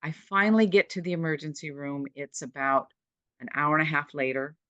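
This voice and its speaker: A woman's voice: low-pitched, brisk, bright, forceful tone, no room sound, lo-fi sound. A woman in her sixties, a podcast guest, retelling her own caregiving story in vivid, dramatic short sentences. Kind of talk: personal storytelling.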